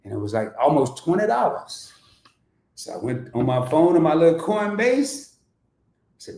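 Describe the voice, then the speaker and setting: A middle-aged man hosting his own investing channel, talking casually at his home computer in an animated storytelling way, chuckling as he goes. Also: normal speed, vocal fry, roomy sound. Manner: animated storytelling, pitch jumps way up when excited, chuckles often. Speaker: crypto investing channel host. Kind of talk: casual personal vlog chat.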